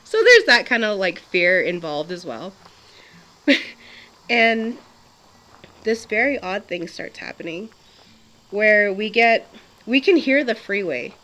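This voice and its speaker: A woman's voice: medium pitch, expressive, slow, pauses often, a bit bright. Chatty woman telling a story. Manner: chatty, laughs often, many fillers and restarts. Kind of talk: casual spoken storytelling.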